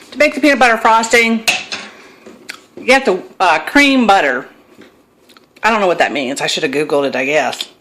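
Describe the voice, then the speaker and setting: This is a casual phone-camera cooking vlog from a middle-aged woman's home kitchen, where she rambles and makes fun of herself. Her voice sits in the mid-range, with a little hiss or hum in the recording.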